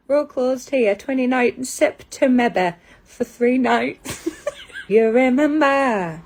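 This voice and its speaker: Lady reading memes out loud slow and high, cracks up wheezing every few lines, faint hiss behind. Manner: breaks into high wheezing laughter; reads lines deadpan then cracks up. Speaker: comedy video creator. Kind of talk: reading funny posts aloud.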